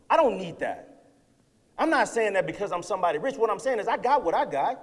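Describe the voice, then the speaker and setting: A man in his thirties giving an energetic motivational keynote to students, often checking in with "right?". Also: sits high, fairly quick, a faint crowd. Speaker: keynote speaker. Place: lecture hall with audience. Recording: long hall reverb.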